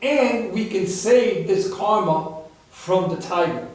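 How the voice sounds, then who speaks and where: A man voicing a gentle old monk. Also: sits high, slow pace. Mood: calm. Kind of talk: dharma talk storytelling. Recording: echoey room, far from the mic.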